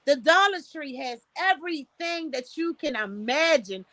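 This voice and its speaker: Blunt, bright-voiced woman streamer. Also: high voice, animated, measured pace, dry recording. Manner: blunt, profane, preachy advice with storytelling. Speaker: livestream host. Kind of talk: casual livestream talk. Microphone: streaming setup, close mic.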